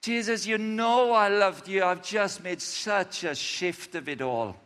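A man's voice: unhurried, a bit bright. A man voicing a remorseful male disciple who earnestly pleads that he loves his master despite failing him. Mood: pleading. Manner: earnest, pleading, voice rising high. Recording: reverberant hall.

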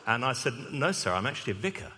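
A man's voice: medium pitch, big pitch swings, fast, heavy background noise. A man, a vicar, preaching a sermon and telling a humorous story. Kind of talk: sermon with anecdote. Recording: long hall reverb.

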